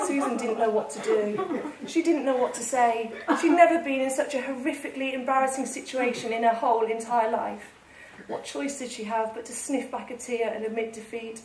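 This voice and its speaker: Woman author reading her funny book to a room, high voice, kinda far from the mic, echoey, people laughing. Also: fairly quick, a little hiss or hum. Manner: lively, amused storytelling. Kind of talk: live reading of comic fiction. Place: literary salon with a live audience.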